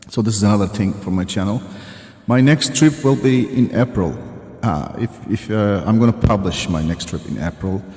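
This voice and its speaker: A man guest-hosting a live stream talks in a halting way, stopping to search for words and restarting his sentences. His voice is low and mellow. He sounds like he is in an echoey room with a long reverb tail. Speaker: guest co-host, travel channel creator. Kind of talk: casual live-stream chat.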